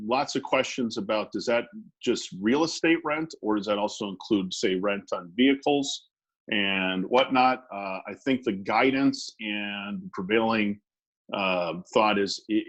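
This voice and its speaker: A man's voice: on the low side, poor audio. A man who works as a business lawyer, presenting a webinar in a conversational way with many fillers and restarts.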